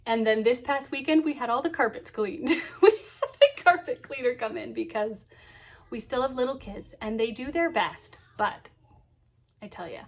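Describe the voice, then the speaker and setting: A woman in her thirties cheerfully chats on camera about her cross-stitch project at a moderate pace. Her voice leans high, and she fills her talk with ums, so yeahs, and laughs.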